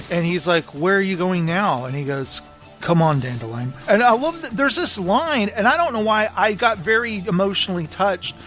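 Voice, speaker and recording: High-voiced man eagerly retelling a story. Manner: animated retelling, acting out characters' lines. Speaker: podcast co-host. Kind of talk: casual book discussion.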